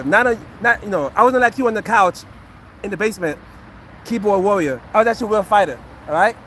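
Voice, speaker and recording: Brief: former fighter, 40s man, streaming to chat, high-pitched, defensive and sarcastic, repeats himself a lot. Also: fairly bright tone, slight background noise. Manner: defensive, sarcastic and repetitive, addressing chat and a heckler. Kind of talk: casual livestream chat to viewers.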